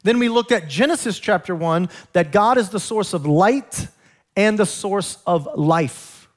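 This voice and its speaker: High-voiced, excitable man preaching. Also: unhurried. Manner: excitable, animated preaching with humor. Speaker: pastor. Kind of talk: sermon. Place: church sanctuary.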